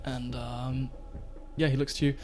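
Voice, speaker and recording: A man's voice: medium pitch, flat delivery, unhurried, darkish tone, soft background music. A man running a tabletop horror game as game master, narrating scenes and voicing police officers with many fillers and restarts.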